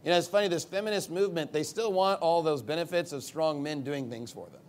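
A man's voice: fairly high pitch, fast, a little hiss or hum. A male pastor preaching a sermon off the cuff. He rambles at times and turns emphatic when he reads scripture.

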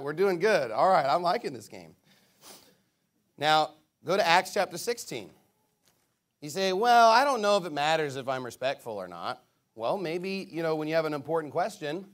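A man preaching a sermon as pastor, playing a call-and-response game with children and talking playfully to the congregation. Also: high-pitched. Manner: lively, playful with kids, calls out to the crowd.

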